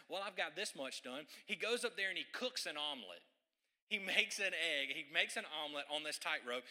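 A man preaching a sermon, telling a story with joking asides and animated delivery. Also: high voice.

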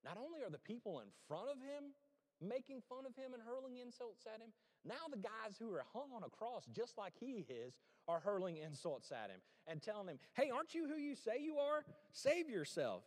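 A man preaching from the pulpit in a lively, up-and-down voice that sits a little high for a man. He keeps it conversational and throws in joking asides. The sound carries a long reverb from a large hall. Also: normal speed. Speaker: pastor. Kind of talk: sermon.

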